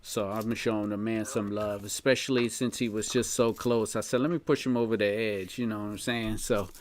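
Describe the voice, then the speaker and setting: A man's voice: fairly low pitch, steady tone, brisk, slight background noise. A man hosting a casual live podcast chat, laid-back and slangy, laughing often. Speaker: podcast host.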